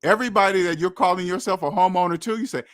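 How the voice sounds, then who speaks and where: A young man delivers blunt money commentary straight to his audience, scolding and preachy, circling back on the same points. His voice sits a little higher than most men's. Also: rapid-fire, a bit bright. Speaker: finance channel host.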